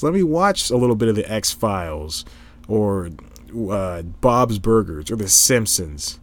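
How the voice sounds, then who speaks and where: A man's voice: lowish voice, sing-song, slow pace, no echo. A young man in casual solo talk, rambling and correcting himself, recorded on a laptop microphone at home. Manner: rambling, self-correcting, chatty. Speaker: vlogger.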